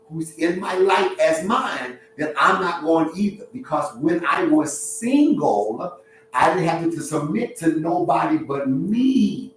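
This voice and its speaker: A man who is a relationship counselor, talking to his livestream chat in an animated, preachy way with street slang. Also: high-pitched. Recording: very echoey room, distant mic, faint hum.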